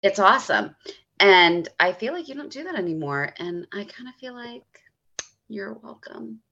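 A woman's voice: mid-range voice, expressive, moderate pace, pushed and bright, dull audio. A woman from Pennsylvania chatting casually as a podcast guest, teasing and swearing. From north central Pennsylvania. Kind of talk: casual chat.

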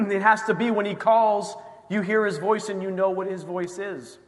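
A man's voice: sits high, fairly even intonation, moderate pace, big-room sound. A male pastor preaching a sermon in a conversational way, often acting out quoted voices. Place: church sanctuary.

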